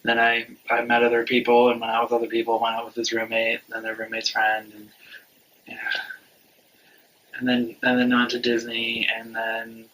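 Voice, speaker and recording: A man's voice: mid-range voice, monotone, normal speed, fairly bright tone, far from the mic, low-quality recording. A man in his twenties telling a personal story in casual chat, rambling and frank, swearing freely. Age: 20s. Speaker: vlog regular.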